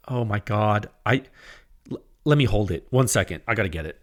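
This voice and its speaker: A man hosting a solo podcast, talking in an excitable, rambling way with many restarts. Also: medium pitch, fast. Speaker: podcast host.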